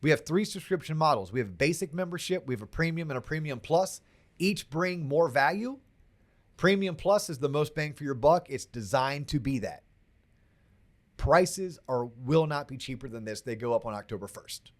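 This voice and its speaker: A man's voice: a little high, lively intonation, moderate pace. A man hosting a podcast, chatting casually and plugging events in an upbeat way. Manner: chatty, upbeat promo delivery. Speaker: podcast host.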